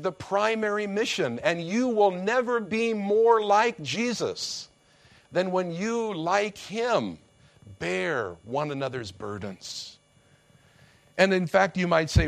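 A male preacher delivers his sermon in a high-pitched voice. He speaks slowly and deliberately, leaning hard on key words and acting out the quotes in his story. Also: creaky. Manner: emphatic preaching with acted-out quotes.

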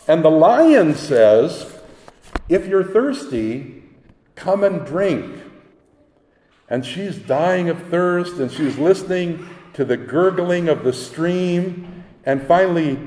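A man's voice: mid-range voice, darkish tone. A man preaching a sermon as pastor, earnest and emphatic, driving points home with repeated phrases. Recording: echoey hall with long reverb.

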